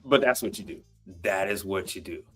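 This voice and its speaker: Blunt, animated man ranting on a livestream. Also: sits low, a little fast, husky, faint music behind. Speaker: livestream host. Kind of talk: casual profane rant.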